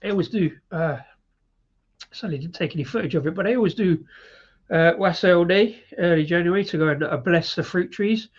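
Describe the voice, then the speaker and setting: A man's voice: high-pitched, brisk, husky, dull audio. A British man hosting a live beer review, chatty and rambling with frequent laughs. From Britain.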